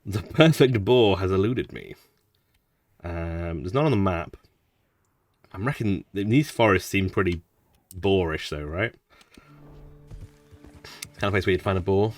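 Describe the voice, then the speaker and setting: A man's voice: low-pitched, lively intonation, unhurried, long pauses, distant mic. A man casually commenting on his playthrough as a gaming streamer, chatty with mumbled asides. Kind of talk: casual let's-play commentary.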